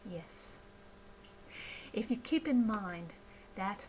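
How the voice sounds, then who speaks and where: A woman teaching pronunciation, speaking slowly and deliberately and modeling words with careful enunciation. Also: medium pitch, slight background noise, low-quality recording. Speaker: English pronunciation tutor. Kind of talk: slow scripted teaching narration.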